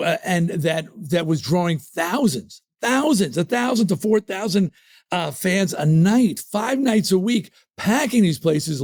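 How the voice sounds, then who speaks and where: A man from the New York area, a rock singer, telling stories in an emphatic, animated way as a guest in a casual interview. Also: high-pitched.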